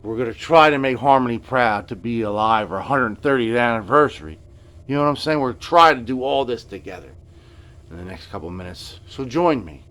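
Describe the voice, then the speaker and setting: The guitar repair vlogger, a middle-aged man, has a mid-range, fairly bright voice and tells his meandering story expressively and a little fast. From his home workshop, with a furnace going, he stammers, mumbles, leans on filler, and often fades to almost a whisper.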